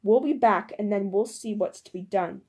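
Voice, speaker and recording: A woman reading an audiobook voices a vicious-tongued widow who leads an angry mob, loud, shrill and threatening. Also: normal speed, close to an everyday voice. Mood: spiteful. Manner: shrieking, threatening.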